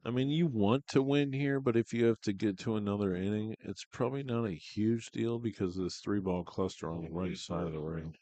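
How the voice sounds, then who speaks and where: A man with a deep, low voice gives relaxed, chatty commentary on a pool match. His sound is close and dry, with no room around it. He talks through shots and players like he is sitting beside you. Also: fairly quick, few pauses, no room sound. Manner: laid-back, chatty, talks shop about shots. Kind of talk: casual live commentary. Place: pool hall at a tournament.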